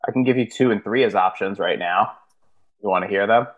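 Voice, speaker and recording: A man's voice: fairly low pitch, fairly quick, dull audio. A man co-hosting a casual sports podcast, blunt and matter-of-fact, with some swearing. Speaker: podcast co-host.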